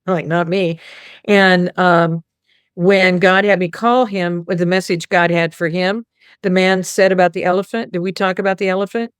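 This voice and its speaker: A woman's voice: on the low side, fairly even intonation, moderate pace, clean tone, no room sound, clean studio sound. A woman hosting a casual spiritual talk, telling a rambling story and quoting others. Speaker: host.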